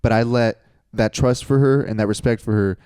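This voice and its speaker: A man co-hosting a comedy podcast, playing along with improvised bits in a matter-of-fact, deadpan way. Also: mid-range voice, moderate pace, clear, resonant tone, dry recording, studio quality.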